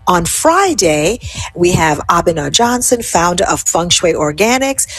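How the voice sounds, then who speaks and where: A woman's voice: lowish voice, sing-song, unhurried, husky. A middle-aged woman hosting a live show, chatting with enthusiasm and reading out viewer comments before leading a plank exercise. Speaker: host. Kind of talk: live show chat with fitness cueing.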